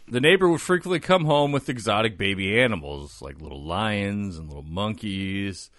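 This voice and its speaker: Animated, laughing man telling a story. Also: on the low side, moderate pace. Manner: animated storyteller, swears, laughs often, slips into silly voices. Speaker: podcast host telling the story. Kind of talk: casual comedic podcast chat.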